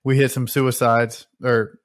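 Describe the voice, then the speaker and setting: Man, podcast host, casual chat, agreeable, flat intonation, sounds a bit far from the mic. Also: medium pitch, unhurried. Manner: agreeable, reflective.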